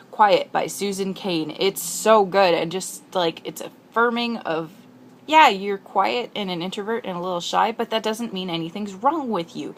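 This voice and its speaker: A woman's voice: mid-range voice, slight background noise. Chatty young woman rambling on camera. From Pacific Northwest. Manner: chatty, rambling, self-deprecating, quick asides. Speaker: vlogger. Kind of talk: casual rambling video letter.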